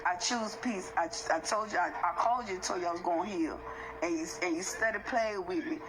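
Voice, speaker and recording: A woman in a heated, profane personal rant, confronting someone, repeating herself and then forcing herself to calm down. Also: on the low side, brisk, background noise. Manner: confrontational, repetitive, profane, swings between yelling and calming down.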